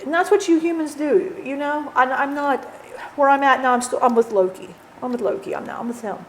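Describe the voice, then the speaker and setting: A blunt, rough-spoken spirit of a dead man, channeled by a woman, rambling through a channeling session. He swears freely and keeps tossing in "you know". The voice sits a little on the high side. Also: brisk, slight background noise, lightly acted.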